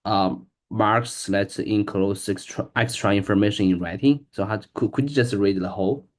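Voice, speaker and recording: A man learning English reads aloud hesitantly in casual practice, restarting often and stumbling over words. His voice is on the low side, and he reads at a moderate pace.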